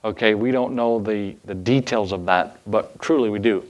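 A man's voice: fairly low pitch, normal speed, darkish tone, lo-fi sound. Folksy male pastor preaching. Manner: casual, folksy, with asides and chuckles. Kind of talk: sermon.

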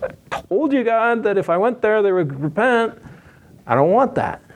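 A man's voice: sits high, very animated, moderate pace, slight background noise, pitched above the performer's own voice. A man voicing a reluctant, grumbling prophet who complains sulkily. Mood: whiny. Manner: grudging, sulky complaining.

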